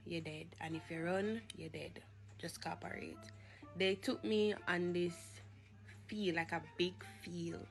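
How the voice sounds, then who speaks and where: Earnest Jamaican woman giving a faith testimony. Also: fairly low pitch. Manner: earnest, halting, with fillers and repeats.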